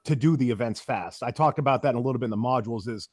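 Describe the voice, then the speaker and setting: A man hosting a casual podcast as a strongman coach, talking quickly and energetically. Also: medium pitch, darkish tone, husky, no echo, studio quality.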